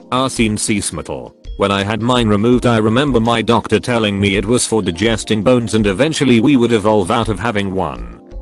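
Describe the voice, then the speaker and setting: A man narrating online posts in a flat, evenly paced scripted read. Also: lowish voice. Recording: faint music behind.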